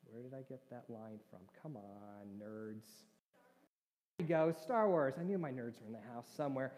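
A man's voice: medium pitch, moderate pace, a little mellow. A man preaching a conversational sermon, joking with his congregation. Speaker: pastor. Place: church hall. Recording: reverberant church hall.

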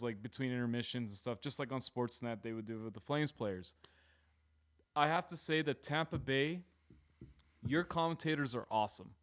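A man co-hosting a casual sports podcast, animated, swearing freely and laughing often. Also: mid-range voice. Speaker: podcast co-host.

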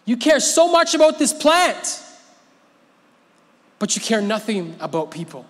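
A patient, earnest male deity who reasons with a stubborn prophet, as a male preacher acts him out. His voice rides up high and pressing, then settles warmly, slow and deliberate. It rings out with a long hall reverb. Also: big pitch swings, heavily acted. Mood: insistent. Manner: raised, earnest, insistent.

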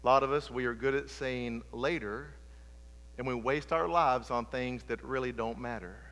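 A middle-aged man preaching a sermon with passion, swinging between loud emphatic lines and hushed low ones. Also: normal speed. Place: church sanctuary. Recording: long reverb of a large hall.

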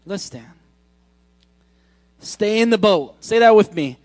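A middle-aged man preaching a sermon as pastor, pleading and impassioned, dropping soft then shouting. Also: sits high, animated, a little slow, no room sound. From Korea. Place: church hall. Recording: dry close mic, faint music behind.

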